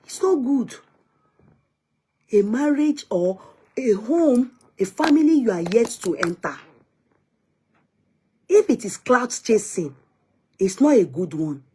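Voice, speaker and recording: Earnest Nigerian woman vlogger, husky. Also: on the high side, lively intonation, slow pace, pauses often, mellow. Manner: earnest, pleading, repeats words. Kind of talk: casual commentary vlog.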